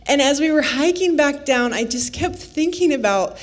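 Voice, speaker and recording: A woman from Nebraska telling a personal story on stage, unhurried and playful, often laughing. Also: sits high, expressive. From Nebraska, USA.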